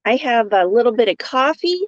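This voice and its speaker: A woman's voice: fairly high pitch, lively intonation, normal speed, dry recording. A woman hosting a casual crochet livestream, chatting and laughing as she greets viewers by name and reads their comments. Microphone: phone. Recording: dull lo-fi sound.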